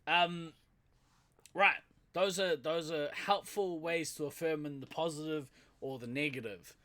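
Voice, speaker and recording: A man's voice: a little high, fairly even intonation, unhurried, pushed and bright. A man from New Zealand with a Kiwi accent, co-hosting a podcast in casual chat, laughing often and using lots of fillers. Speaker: podcast co-host.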